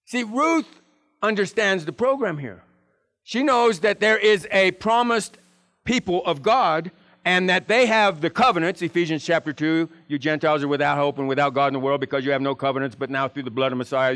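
A man preaching a sermon in an animated way, acting out biblical figures with big swings in his voice. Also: a little high, fairly quick.

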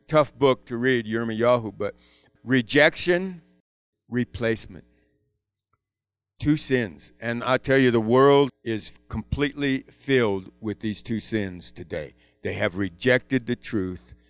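A man teaching a Bible sermon in a lively way, often asking his listeners rhetorical questions. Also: a little high, clear, resonant tone, no room sound.

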